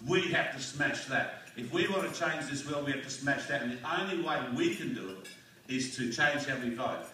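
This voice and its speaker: A man's voice: mid-range voice, expressive, moderate pace, pushed and bright. A man with an Australian accent giving a blunt, fired-up speech at a community forum, firing off rhetorical questions. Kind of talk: rousing political speech. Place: community hall. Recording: echoey hall recorded from far off.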